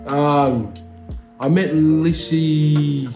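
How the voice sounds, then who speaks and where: A man's voice: a little high, steady tone, drawn-out words, dark tone, faint music behind. Laid-back Australian man, slangy chat. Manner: laid-back, slangy, swears freely, many fillers. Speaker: rapper interviewed as guest. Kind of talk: casual interview chat. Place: indoor studio.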